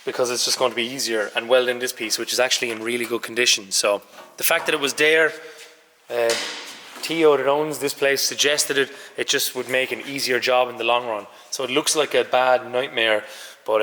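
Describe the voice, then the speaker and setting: A man talks in a loose, matter-of-fact way while filming his car restoration, his voice hoarse but bright and forceful. It rings around a large garage workshop with a long echo. A faint hum of noise sits under him. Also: medium pitch, steady tone, normal speed. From Ireland. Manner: chatty, loose and matter-of-fact, with mild swearing. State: hoarse, says he lost his voice. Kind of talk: casual workshop vlog narration.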